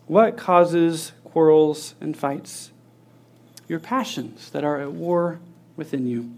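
A man's voice: fairly high pitch, takes it slowly. A man preaching a sermon, teaching earnestly with rhetorical questions and acting out everyday scenes. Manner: acts out scenes with lively voices.

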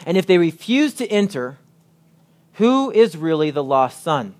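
A man preaching a sermon, reading scripture aloud and stressing points with emphatic pauses. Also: a little high, sing-song.

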